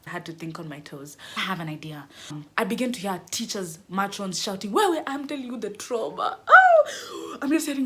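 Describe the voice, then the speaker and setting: A young woman vlogger telling a dramatic storytime, squealing into high cries as she acts out her panic. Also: huge pitch swings, brisk, sharp tone, a little hiss or hum. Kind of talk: animated storytime.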